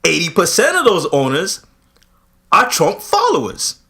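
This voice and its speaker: A man co-hosting a podcast in casual chat, posing drawn-out rhetorical questions. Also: high-pitched, huge pitch swings, vocal fry, pushed and bright. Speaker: podcast co-host.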